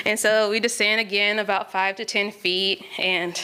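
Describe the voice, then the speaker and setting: Woman telling her own story, chatty, laughs a lot, bright clear voice. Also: mid-range voice, steady tone, normal speed. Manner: conversational, laughs between lines. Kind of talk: personal storytelling.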